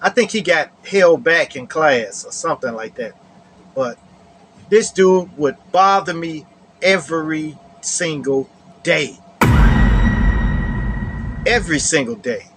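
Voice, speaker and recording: A man's voice: on the high side, animated, takes it slowly, long pauses, fairly bright tone, faint music behind. A man casually telling a personal story to camera. He often repeats his phrases and adds "you know.".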